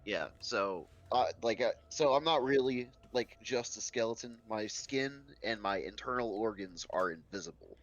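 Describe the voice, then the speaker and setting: A man's voice: on the low side, moderate pace, few pauses, highs cut off. A man playing a tabletop role-playing game, speaking hesitantly with lots of fillers. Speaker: player. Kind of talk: casual tabletop game play.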